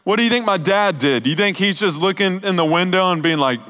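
A young man preaches as a youth pastor, keeping his sermon casual and conversational. His voice sits on the higher side, and he pushes his points with emphasis before dropping soft and low. The sound rings with a long reverb in a church hall. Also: animated, fairly quick.

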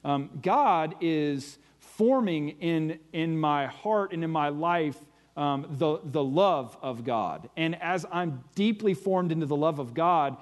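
Brief: earnest male preacher, fairly high-pitched, conversational sermon delivery, stops to check listeners follow. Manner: earnest, searching for words, often checks "do you see what I'm saying". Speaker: Christian teacher.

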